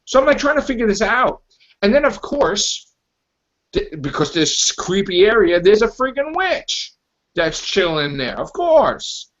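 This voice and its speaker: He's a podcast host with a high-pitched, fairly bright voice, big pitch swings, and a measured pace. In exasperated disbelief, he rants about a movie and acts out lines during a casual review chat, recorded as dull lo-fi podcast audio.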